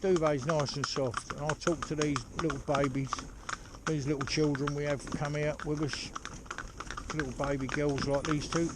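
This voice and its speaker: A horse trainer talking casually outdoors while driving a pony cart, rambling and chatty with lots of "you know". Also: male voice, a little high, little pitch movement, normal speed. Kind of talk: casual spoken instruction while driving ponies. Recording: loud hoof clatter and outdoor noise.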